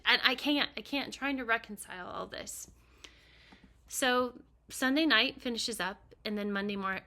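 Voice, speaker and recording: A middle-aged woman telling an emotional personal story in an earnest, halting way, sometimes dropping to a near whisper. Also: mid-range voice, pushed and bright. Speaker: vlogger recounting her husband's death.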